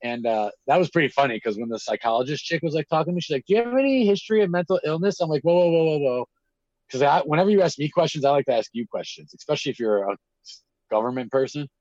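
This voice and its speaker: A man, telling stories in casual chat, animated and acting out quotes with lots of fillers and swearing. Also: medium pitch, fast talker, dry recording. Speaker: guest telling prison stories. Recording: dull lo-fi dry recording.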